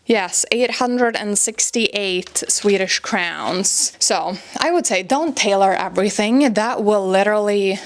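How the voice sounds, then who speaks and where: A woman's voice: mid-range voice, slow pace, few pauses. A young woman vlogging from her wardrobe as she tries on outfits, gushing and filling her talk with "like", a little out of breath as she moves around. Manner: breathy and a little out of breath while trying on clothes; gushing, filler-heavy, says "like" a lot. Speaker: fashion vlogger. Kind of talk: casual chatty vlog. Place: her home wardrobe room.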